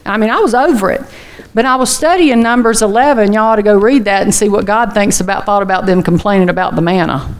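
A woman's voice: mid-range voice, fast talker. A woman preaching a chatty, folksy sermon full of personal asides. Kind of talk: conversational sermon.

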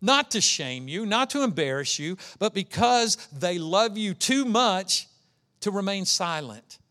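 A man's voice: sits high, sing-song, unhurried, pushed and bright. Earnest preacher, man. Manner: earnest preaching, acts out quoted voices. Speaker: pastor. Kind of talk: sermon.

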